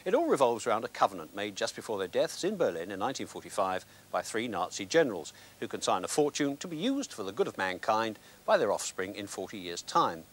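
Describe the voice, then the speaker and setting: Sardonic British film reviewer. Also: male voice, on the low side, sing-song, quick pace, few pauses. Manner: dry, sardonic wit. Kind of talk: scripted film review presenting.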